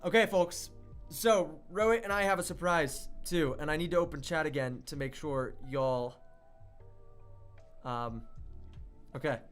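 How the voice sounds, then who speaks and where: Excitable high-voiced young man hosting. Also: a little slow, pauses often, soft background music. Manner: excitable, chatty, reads out viewer chat. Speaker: online radio show host. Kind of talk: livestream hosting chat.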